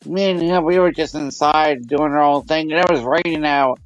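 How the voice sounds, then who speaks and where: A man's voice: fairly high pitch, steady tone, normal speed, dry recording. A man on a live-stream panel telling a long, rambling anecdote and acting out what people said. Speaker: panel guest. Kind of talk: casual chat on a live stream. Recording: dull lo-fi stream audio.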